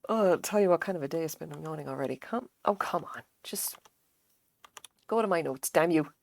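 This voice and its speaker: A woman's voice: low voice, expressive, fairly quick, creaky, no echo. A woman livestreaming her crochet work, chatting casually, swearing now and then, and muttering pattern notes to herself. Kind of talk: casual live-stream chat while crocheting.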